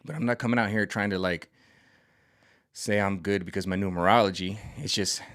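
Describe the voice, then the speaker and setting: Man, vlogger, low-pitched, rambling and excitable, stumbles over his words. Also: a little fast. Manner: rambling and excitable, with many restarts and stammers. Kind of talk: casual spiritual rant to camera.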